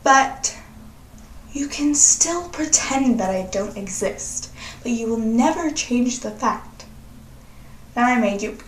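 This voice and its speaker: A young woman with a slightly high voice talks slowly and sassily, swearing freely as she chats to her viewers. She sounds set back from the mic, and the room's echo rings around her words. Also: expressive, slight background noise. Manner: sassy and profane, chatty. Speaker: vlogger. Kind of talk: casual confessional chat. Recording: roomy echo, distant from mic.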